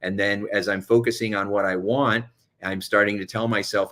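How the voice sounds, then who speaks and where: A man with a fairly low voice delivers a motivational self-help talk as a coach. He talks quickly and urgently, pressing advice on the listener. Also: level tone, fairly bright tone. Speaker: hypnotherapist and coach.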